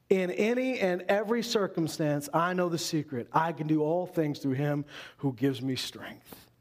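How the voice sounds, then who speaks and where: A male pastor delivering a conversational sermon to a congregation, animated and full of quick asides. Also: a little high.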